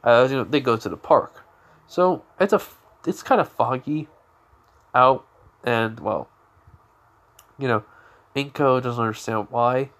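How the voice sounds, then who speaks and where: A man's voice: medium pitch, measured pace, pauses often, fairly bright tone. A man improvising a fan story aloud, rambling, with many restarts and fillers. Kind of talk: improvised fan-fiction narration.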